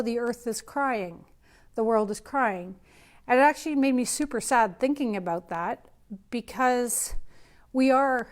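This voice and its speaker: A woman's voice: fairly high pitch, darkish tone. A woman painter hosting a live open studio, chatting and thinking aloud as she demonstrates her process.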